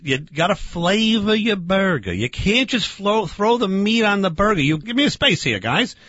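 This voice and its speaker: A blustering know-it-all barbecue guy, put on by a man for a comedy sketch, bossing everyone around and talking over them. The voice sits high and swings all over, with a bright, forceful edge. The recording is dry and a bit dull. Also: very animated, normal speed, breathy edge, no echo, full character voice. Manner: bossy, blustering, keeps interrupting, mangles words. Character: brash loudmouth male grill-master "Barbecue Man".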